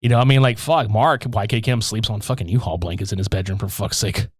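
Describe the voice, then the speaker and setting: A man's voice: on the low side, fast, breathy edge, no echo, studio quality. A young man co-hosting a podcast, casually and profanely retelling a movie plot with lots of laughter. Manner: profane, excited, laughs often, acts out scenes in voices. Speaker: podcast co-host. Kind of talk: casual movie-review chat.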